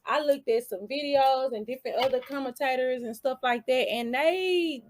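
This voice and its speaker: A woman's voice: high voice, normal speed. A woman hosting her own channel, giving casual commentary full of rhetorical questions and asides.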